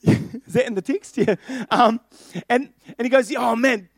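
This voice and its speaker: A man's voice: extremely high pitch, unhurried, darkish tone, no room sound, studio quality. A young adult man preaching a sermon, playful and jokey, talking directly to his congregation.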